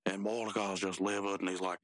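A man with a fairly low voice, co-hosting a casual podcast and retelling a cartoon's plot. He tells it loosely, wandering into asides along the way. The sound is dry and close to the mic. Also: little pitch movement, a little fast, dry recording. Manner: loose, rambling storytelling with asides. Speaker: podcast co-host. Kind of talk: casual chat recapping a cartoon.

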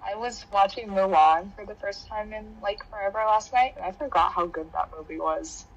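A woman's voice: medium pitch, moderate pace, rough recording. A woman co-hosting a casual podcast chat, answering with short, dry, teasing remarks. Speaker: podcast co-host.

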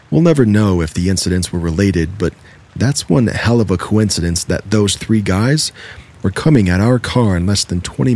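A man narrating true scary stories in a measured, storytelling manner. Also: low voice, a little mellow, breathy edge. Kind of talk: scripted horror story narration.

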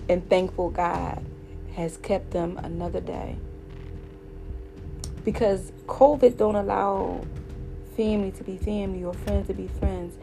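A woman's voice: mid-range voice, vocal fry, mellow, poor audio. A woman telling a heartfelt personal story in a casual, earnest way, livening up when she quotes other people.

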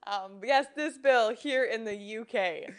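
A woman's voice: fairly high pitch, measured pace, clean tone. Chatty female podcast co-host. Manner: chatty, explains simply, frequent "you know" and "right?". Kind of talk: casual faith-based chat.

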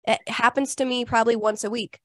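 A woman's voice: on the high side, steady tone, fast talker, fairly bright tone, no room sound, clean studio sound. A woman co-hosting a podcast, chatting eagerly with lots of "like". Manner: eager, chatty, uses filler "like". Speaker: podcast co-host. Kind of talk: casual interview chat.

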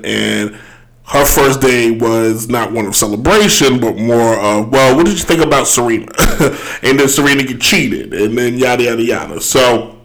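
A man's voice: medium pitch, fairly bright tone, low-quality recording. Rambling man with a throaty voice. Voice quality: throaty, coughs and clears throat. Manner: rambling, self-correcting, laughs often. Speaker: podcast host. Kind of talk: casual solo commentary.

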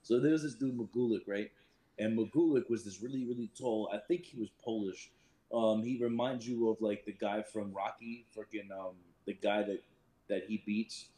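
A man, a Marine reservist, telling profane, animated stories as a podcast guest. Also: fairly low pitch, normal speed, roomy sound, poor audio. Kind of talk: casual storytelling chat.

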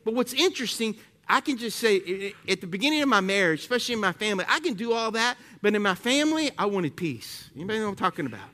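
Speaking quickly in a high voice with few pauses, a pastor delivers an animated sermon. He keeps tossing rhetorical questions to his congregation.

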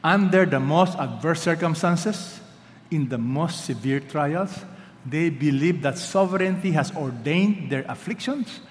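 A man preaching a sermon. He is emphatic, moves between loud calls and hushed lines, and prompts the congregation to respond. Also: a little high. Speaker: pastor. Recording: long reverb of a large hall.

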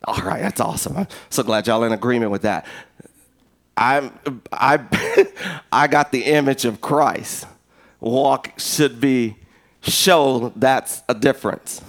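A middle-aged man preaching a sermon as pastor, an animated, joking storyteller who acts out conversations. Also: medium pitch, slow.

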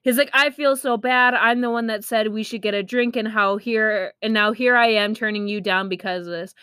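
Young woman streamer, candid and chatty, clear voice, dry room. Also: medium pitch, steady tone, fairly quick, sharp tone, no room sound. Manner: chatty, candid, laughs at herself, lots of "like". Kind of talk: casual storytime.

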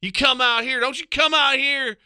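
Man doing a nasal redneck race fan, high-pitched, shouting, very bright tone. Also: steady tone, normal speed, smooth, no echo, studio quality, heavily acted. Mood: ranting. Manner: shouting twangy rants. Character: loud nasal redneck male racing fan, indignant.

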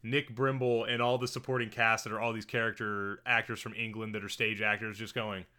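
A man co-hosting a casual movie podcast, animated and often laughing. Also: lowish voice, brisk, smooth. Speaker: podcast co-host. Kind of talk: casual movie review chat.

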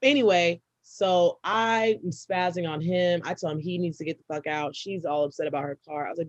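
A young woman, a podcast co-host, telling a personal story in casual, profane chat and breaking into loud, laughing outbursts. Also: fairly low pitch, steady tone, normal speed, hardly any pauses, no room sound, muffled recording.

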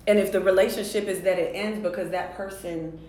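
A woman's voice: mid-range voice, steady tone, a little fast, a little mellow, slight background noise. A woman relationship coach chatting animatedly on a podcast, with playful banter. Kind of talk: casual podcast chat. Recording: echoey room.

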